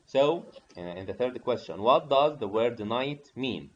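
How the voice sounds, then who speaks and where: A man teaching pronunciation over a video call, slowly repeating prompts and coaxing participants to answer. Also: mid-range voice, expressive, breathy edge. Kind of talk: online teacher training session. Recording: dull lo-fi audio with faint hiss.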